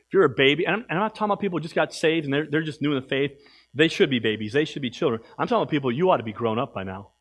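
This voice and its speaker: A man preaching a sermon as pastor in a church, emphatic, swinging from loud exhortation to quiet asides. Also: a little high, expressive, racing.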